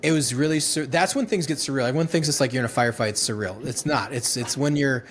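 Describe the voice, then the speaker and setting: A former Marine infantryman in his thirties, appearing as a guest on a casual storytelling interview, speaks fast in an ordinary middle pitch. He rambles, swears, laughs, and restarts his stories many times. Faint background noise sits beneath the recording.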